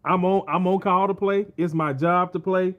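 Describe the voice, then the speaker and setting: A man hosting a podcast in a relaxed, informal way, affirming his guest. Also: high voice, moderate pace, narrow, tinny audio. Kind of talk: casual chat.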